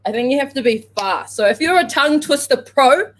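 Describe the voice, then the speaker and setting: A woman's voice: high voice, animated, fairly bright tone. Giggly woman co-hosting a chat stream. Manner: giggly, playful, reads tongue twisters slowly. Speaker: co-host of a morning livestream. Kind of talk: casual chat.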